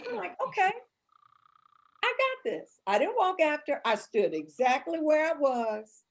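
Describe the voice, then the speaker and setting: A middle-aged woman from St. Louis, chatting casually as a co-host and telling lively family stories. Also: sits high, unhurried. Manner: animated storyteller, acts out voices of her kids. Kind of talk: casual chat.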